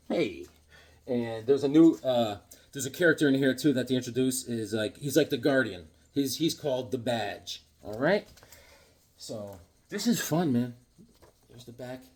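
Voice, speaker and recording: A man casually shows off his comic books in an enthusiastic, rambling way, full of restarts and filler words. His loudness swings as he leans toward and away from the mic. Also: medium pitch. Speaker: comic book reviewer. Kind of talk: casual comic book show-and-tell.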